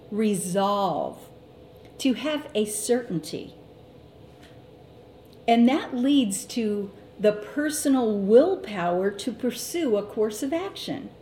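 Slow, mellow woman teaching a sermon. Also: on the high side, a little hiss or hum. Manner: slow, deliberate teaching with scripture quotes. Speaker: Bible teacher. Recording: echoey room with faint ambience.

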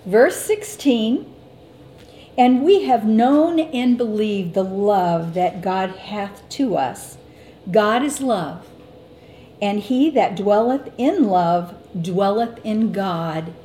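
A middle-aged woman teaching a Bible lesson, speaking slowly and deliberately and quoting scripture. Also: mid-range voice, mellow, a little hiss or hum. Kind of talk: sermon. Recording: echoey room with faint ambience.

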